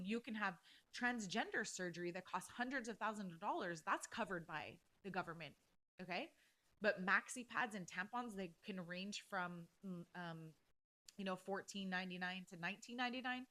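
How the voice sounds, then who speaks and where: A woman talks through a solo podcast episode in a loose, ranting way. She is blunt and fired up, and she swears freely as she vents. Her voice sits at an ordinary middle pitch for a woman. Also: fairly bright tone. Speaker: podcast host. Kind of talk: casual solo podcast rant.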